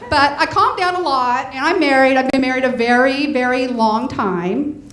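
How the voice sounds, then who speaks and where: A woman's voice: sits high, normal speed, a bit bright, far from the mic. A middle-aged woman performing a bawdy stand-up comedy set on a club stage, with a brash punchline delivery. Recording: echoey club with faint noise.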